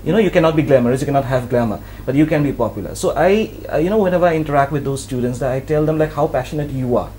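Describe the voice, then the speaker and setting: Mellow-voiced man radio jockey. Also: medium pitch, expressive, racing, few pauses, a little hiss or hum. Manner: earnest, repeats points for emphasis. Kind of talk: casual interview talk.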